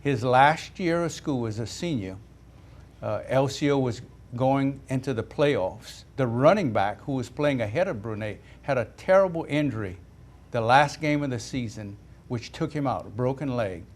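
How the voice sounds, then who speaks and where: Male guest, measured and reflective, mid-pitched voice. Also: expressive. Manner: measured, thoughtful, recalls carefully. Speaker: studio guest, former player. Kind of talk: reflective sports talk.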